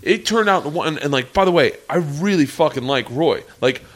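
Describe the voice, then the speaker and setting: A man's voice: a little high, lively intonation, normal speed. A man telling rambling, profane stories in a casual podcast chat, often laughing through them. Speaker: comedian guest telling stories.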